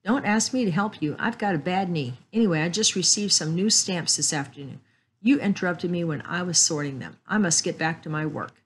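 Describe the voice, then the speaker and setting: A woman voicing a cranky elderly male stamp collector who sounds gruff and suspicious. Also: fairly low pitch, fairly quick, slight background noise, lightly acted. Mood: dismissive.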